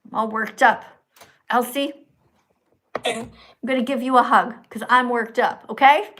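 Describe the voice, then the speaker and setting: A woman's voice: fairly high pitch, fairly even intonation, unhurried, a bit bright. A woman hosting a livestream, preaching and scolding her viewers in a mocking, heated way. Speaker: livestream host. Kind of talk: ranting livestream chat.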